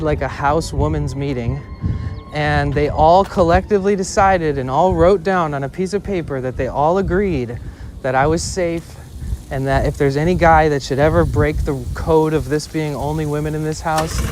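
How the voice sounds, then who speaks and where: A man's voice: fairly high pitch, a little mellow, a little hiss or hum. A man in his twenties telling a personal story in a casual, rambling way, swearing and saying "like" often while streaming outdoors on a city street. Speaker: IRL streamer.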